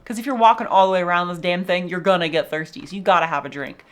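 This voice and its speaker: Chatty young woman with a low voice. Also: quick pace, a bit bright. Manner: chatty, swears casually, laughs often. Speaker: vlogger showing a zoo game. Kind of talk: casual gameplay chat.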